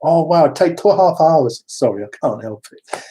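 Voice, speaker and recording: A man voicing a busy Japanese midwife, speaking in a put-on Japanese accent with quick, clipped replies. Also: fairly high pitch, expressive, warm tone, slight background noise, pitched above the performer's own voice, close to an everyday voice. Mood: brisk.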